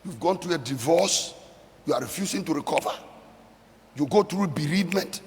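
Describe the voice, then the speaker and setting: A man's voice: on the high side, animated, moderate pace, creaky, long reverb tail. A middle-aged male pastor delivering a sermon, mixing emphatic repeated phrases with conversational storytelling.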